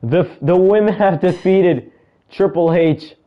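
A young man casually commentating a video game he is playing, calling moves with excitement, shouting at big moments and muttering asides to himself. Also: sits high, slow, highs cut off. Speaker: gaming video creator.

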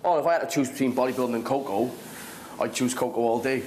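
A gym owner speaking in an interview in a jokey way, laughing often. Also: male voice, mid-range voice, quick pace, darkish tone, slight background noise, rough recording.

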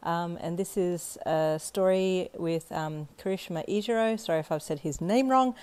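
A woman's voice: lowish voice, normal speed, a little mellow, smooth. An Australian woman introducing and reading her own fan story aloud, hesitant with many ums. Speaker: fanfiction author and reader.

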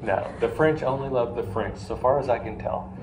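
A man teaching finance to a live class, telling stories and quizzing the students as he goes. His voice sits at an ordinary middle pitch and rings around a roomy classroom. A faint hum of noise runs underneath. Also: normal speed, darkish tone. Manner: storytelling, asks the class questions, jokey asides. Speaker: finance lecturer.

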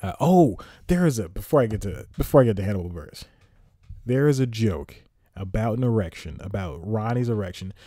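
A man rambles through a solo podcast review, exasperated, sighing and drifting off on tangents. His voice sits a bit low and sounds mellow. The recording is dry and close. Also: expressive, fairly quick, no echo. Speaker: podcast host.

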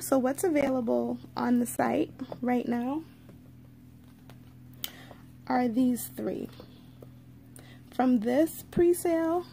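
Slow-talking gravelly woman hosting a live. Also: high-pitched, warm tone, slight background noise. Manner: chatty, greets viewers by name; slow, drawn-out delivery with frequent asides. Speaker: livestream host. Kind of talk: casual live unboxing chat.

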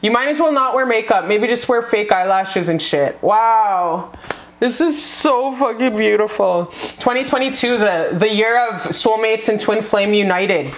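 A woman's voice: mid-range voice, unhurried, a little hiss or hum. A woman giving a casual pick-a-card love reading to her viewers. She gushes and swears freely, calling her audience "you guys.". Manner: gushing and profane, addresses viewers as "you guys". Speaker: tarot card reader. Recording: roomy echo.

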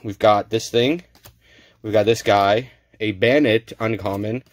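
A man's voice: on the low side, fairly even intonation, unhurried. Chatty male card-unboxing host. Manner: chatty, stumbles over names. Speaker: card-opening channel host. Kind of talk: casual unboxing chat.

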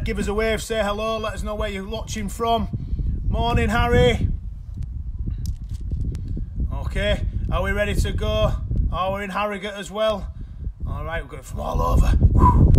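Upbeat high-voiced coach in an echoey room. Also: male voice, noisy background. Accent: British English. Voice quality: energetic, encouraging instructions. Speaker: children's football coach. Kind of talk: live online coaching session. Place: indoors at home.

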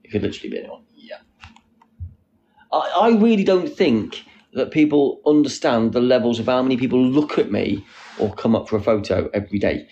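A man's voice: mid-range voice, expressive, fairly quick, dark tone, lo-fi sound, slight background noise. A man chatting casually on a live stream, reading out viewers' comments and answering them. He sits outdoors on a wall and talks into a phone.

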